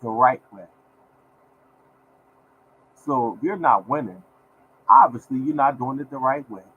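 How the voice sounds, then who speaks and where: A man's voice: mid-range voice, measured pace, phone-quality sound, a little hiss or hum. A man hosting his own lottery podcast, talking in a repetitive, preachy way and scolding his listeners. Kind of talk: casual podcast rant.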